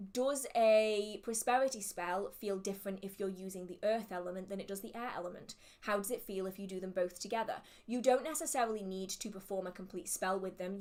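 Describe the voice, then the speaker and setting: A woman's voice: mid-range voice, a little mellow. A woman hosting a casual livestream Q&A, chatty and self-deprecating, with the hiccups. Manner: chatty, self-deprecating, laughs at own slips. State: has the hiccups. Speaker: witchcraft livestream host.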